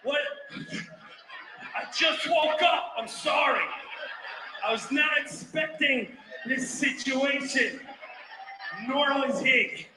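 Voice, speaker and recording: A man telling comedic family stories, animated and bursting into shouts. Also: extremely high pitch, takes it slowly, long pauses, noisy background. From Texas. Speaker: storyteller. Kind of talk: comedic storytelling. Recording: roomy echo.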